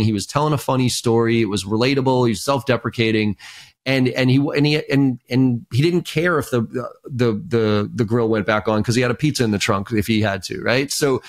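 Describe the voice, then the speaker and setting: A man, a sales trainer, talking as a guest in a casual podcast interview and telling stories with energy. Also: mid-range voice. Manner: animated storyteller, many fillers and restarts.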